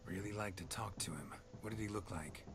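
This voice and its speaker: An actor playing a terse, gruff male monster hunter who speaks in clipped, flat phrases. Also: low-pitched, fairly quick. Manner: clipped, drops subjects, flat.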